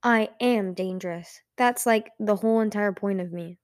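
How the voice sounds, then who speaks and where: A woman's voice: mid-range voice, normal speed, no room sound, clean studio sound, lightly acted. A woman voicing a dangerous, lonely young female dragon in an audiobook reading, blunt and a little bitter.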